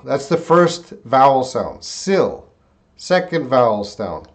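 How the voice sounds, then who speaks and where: Slow, lively-voiced male English teacher. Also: mid-range voice. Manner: drawn-out word repetition, reading viewer names. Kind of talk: live-streamed English lesson.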